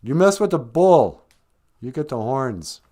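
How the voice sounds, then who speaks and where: A man voicing a stern, bullying male high school principal who talks in a sarcastic, taunting way. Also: very animated, a little slow, warm tone.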